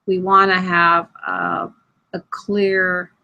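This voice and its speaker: A woman's voice: on the low side, little pitch movement, slow pace, bright, forceful tone, dull audio. A woman school counselor chatting on a video call, reflective and searching for words. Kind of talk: casual online chat.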